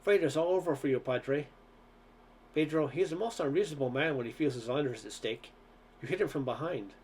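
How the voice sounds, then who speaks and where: A man voicing a deep, soft-spoken giant henchman. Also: quick pace, a little hiss or hum, close to an everyday voice. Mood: soft menace. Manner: courteous, regretful menace. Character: huge soft-spoken male giant henchman, politely menacing.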